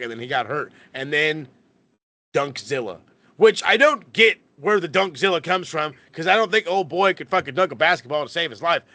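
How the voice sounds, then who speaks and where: A young man with a bright, forceful voice rants about wrestling on a podcast. He swears often, stumbles and restarts, and his pitch sits a little high for a man. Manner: ranting, profane, lots of restarts. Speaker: podcast co-host. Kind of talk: casual wrestling chat.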